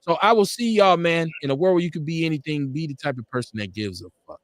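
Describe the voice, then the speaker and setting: A man's voice: fairly high pitch, animated, fast talker, no room sound. A man hosting a live online talk show, speaking with fervent, profane, preacherly conviction and driving his points home through repetition. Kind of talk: impassioned political talk-show commentary.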